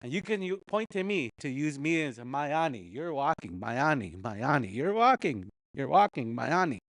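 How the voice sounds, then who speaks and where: A man's voice: a little high, sing-song, normal speed, fairly bright tone, dry recording. A man teaching a casual language class, patiently repeating words and chuckling often.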